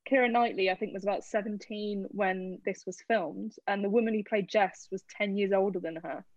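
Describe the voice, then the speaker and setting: A young woman hosting a casual film podcast, chatty and giggly, often acting out quotes in lively voices. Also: mid-range voice, normal speed, no echo. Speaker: podcast host. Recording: dull, slightly lo-fi dry sound.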